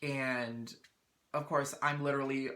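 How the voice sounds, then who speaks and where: Female vlogger, low pitch, crisp bright tone, dramatic and self-mocking. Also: steady tone, measured pace. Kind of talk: storytelling vlog.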